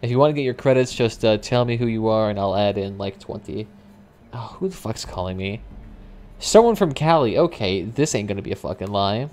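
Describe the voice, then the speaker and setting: Young man, game streamer, casual live commentary, swears a lot, excitable reactions. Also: on the low side, a little fast.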